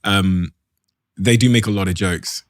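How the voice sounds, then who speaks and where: A podcast host with a slightly low voice asks curious, easygoing questions and agrees readily with his guest. The recording is close and dry. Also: fairly even intonation, measured pace, no room sound. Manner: curious, agreeable, frequent "yeah". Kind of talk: casual interview.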